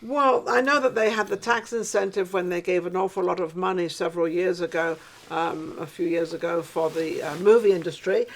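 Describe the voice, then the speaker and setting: A British woman hosting a casual interview show in a studio, chatty and rambling, quick to agree with her guest. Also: lowish voice, fairly even intonation. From Britain. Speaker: talk show host. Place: studio in an office building.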